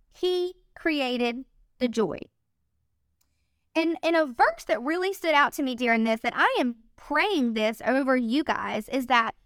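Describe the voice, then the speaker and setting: A woman's voice: high voice, a bit bright, clean tone, no echo, studio quality. A woman giving an earnest, upbeat devotional talk, speaking chattily and addressing listeners as guys.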